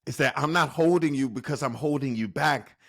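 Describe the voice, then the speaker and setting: A man co-hosting a faith podcast, talking in an animated, emphatic way and acting out inner dialogue. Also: mid-range voice, a little fast, gravelly. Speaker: podcast co-host. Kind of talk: casual faith podcast talk.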